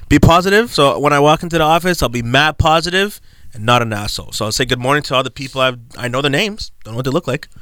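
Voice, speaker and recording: A man's voice: mid-range voice, fast talker, sharp tone, smooth, no room sound, clean studio sound. A man hosting a casual podcast, rambling through stories and laughing often as he drifts off topic. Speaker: podcast host.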